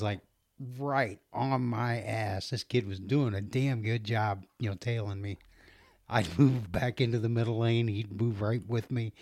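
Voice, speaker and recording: A man's voice: mid-range voice, a little mellow, no room sound. A middle-aged man spins a long, rambling trucking yarn in a loose, casual way, stumbling over restarts and laughing often. His voice sits in a middle register, and the recording is dry and close. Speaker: truck driver telling a story. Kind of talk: casual storytelling.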